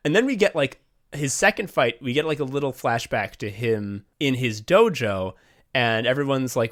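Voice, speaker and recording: A man co-hosting a podcast in casual chat, excitable and swearing often. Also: mid-range voice, normal speed. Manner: excited, profane, acts out characters in quotes. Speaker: podcast co-host.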